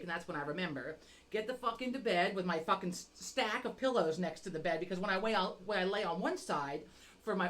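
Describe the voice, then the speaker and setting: A woman's voice: medium pitch, fairly bright tone, slight background noise. A middle-aged woman on a podcast, telling a rambling, self-mocking story with constant swearing. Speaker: podcast co-host. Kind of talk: casual chat.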